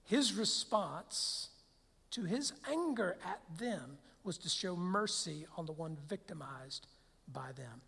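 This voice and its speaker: A man's voice: high-pitched, expressive, slow, vocal fry, sharp tone, breathy edge. A man preaching a sermon as pastor, conversational, with rhetorical questions and frequent restarts. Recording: long hall reverb.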